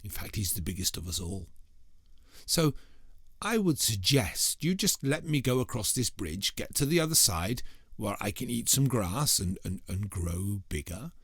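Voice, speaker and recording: A man's voice: fairly low pitch, very animated, unhurried, fairly bright tone, breathy edge, no echo, clean studio sound, heavily acted. A man voicing a thin, clever young male billy goat in a told folk tale, talking in a persuasive, coaxing way.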